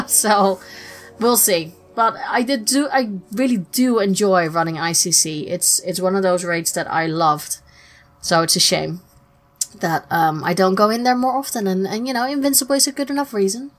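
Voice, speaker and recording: A Dutch woman with a lowish voice hosts a podcast, chatting and giggling with frequent restarts. The recording is rough.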